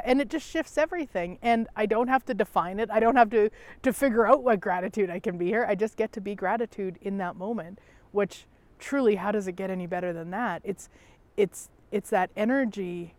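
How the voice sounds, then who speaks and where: A middle-aged woman giving a reflective personal talk as a self-help host, speaking gently and unhurriedly, often repeating phrases and sighing softly. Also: mid-range voice, dry recording. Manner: gentle, repetitive, unhurried, with soft sighs.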